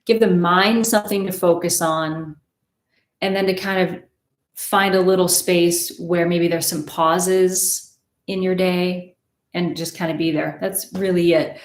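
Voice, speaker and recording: A woman leading a guided meditation as a yoga teacher, with gentle, unhurried guidance and soft pauses. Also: lowish voice. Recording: roomy echo.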